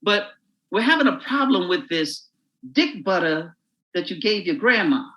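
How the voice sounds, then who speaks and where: A man's voice: high voice, expressive, a little slow, bright, forceful tone, highs cut off, heavily acted. A man voicing a stern male heavenly gatekeeper who reviews a life in a hesitant, bureaucratic way. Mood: judging.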